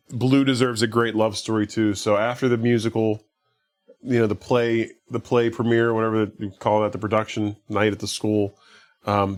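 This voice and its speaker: A man casually recapping a movie on a podcast, rambling with lots of fillers and acting out the characters' lines. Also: on the low side. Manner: rambling, lots of "like", acts out quotes. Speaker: podcast co-host.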